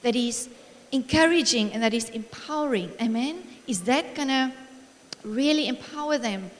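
A middle-aged woman preaching a sermon in a church hall, warm and encouraging, telling family stories with frequent laughter. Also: a little high, normal speed. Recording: long reverb of a large hall.

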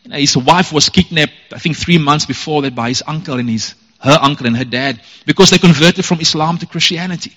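Male pastor, earnest emphatic sermon delivery, slightly high, echoey church hall. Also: a little fast, few pauses, sharp tone. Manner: earnest, emphatic preaching with repeated phrases.

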